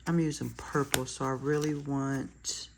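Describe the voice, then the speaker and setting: Slow-talking chatty woman decorating a planner. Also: a bass voice, flat delivery, a little hiss or hum. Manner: chatty, laughs at herself, self-deprecating. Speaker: planner vlogger. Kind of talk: casual chat while decorating a planner.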